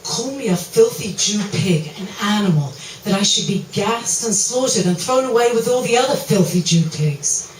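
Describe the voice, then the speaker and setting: A woman's voice: medium pitch, animated, moderate pace, lightly acted. Lady doing a shy stammery old guy, eastern european accent, in his 60s, mic kinda far off, bit of hiss. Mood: pleading. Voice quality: hesitant, stammering, soft-spoken. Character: timid elderly man with a soft voice. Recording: roomy distant recording, faint hiss.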